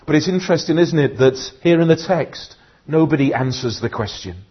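A man with a slightly raised pitch and a husky voice preaches an earnest sermon in a church. He often says "uh" and repeats words, and he grows slow and soft as he reads from scripture. The recording sounds dull and lo-fi. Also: lively intonation. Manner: slows and softens when reading scripture aloud.

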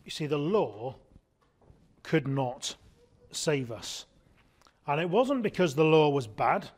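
Earnest preacher man, slightly high voice. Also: lively intonation, slow, breathy edge. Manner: earnest, asks the congregation rhetorical questions. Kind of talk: sermon.

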